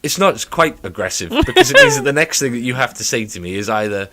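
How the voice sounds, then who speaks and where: A man co-hosting a casual podcast, telling stories in an animated, mocking way with sudden outbursts. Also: mid-range voice, fast. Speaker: podcast co-host. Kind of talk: casual chat.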